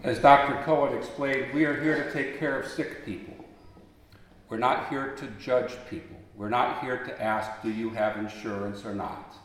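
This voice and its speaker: A man's voice: mid-range voice, steady tone, normal speed, a little hiss or hum. Guy giving a sermon, storytelling then getting emphatic, big church with tons of echo. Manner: storytelling, swelling to emphatic appeals then dropping soft. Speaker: preacher. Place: large church sanctuary. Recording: long echo of a large church hall.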